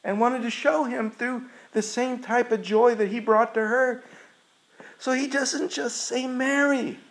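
Earnest, unhurried male preacher. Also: very high voice, fairly even intonation, creaky, poor audio. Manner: earnest, emphatic storytelling. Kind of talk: sermon.

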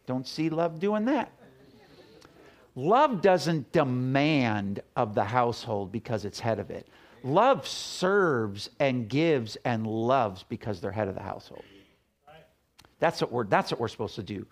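A man's voice: medium pitch, very animated, a little slow. A middle-aged man preaching a sermon as a pastor, talking casually and telling stories with acted-out quotes. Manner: conversational, storytelling with acted quotes.

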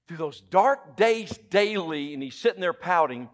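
A man with a Southern US accent preaching a sermon as pastor, emphatic and humorous, dropping from loud exclamations to hushed lines and asking the congregation questions. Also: high-pitched, animated, a little slow, few pauses. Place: church sanctuary.

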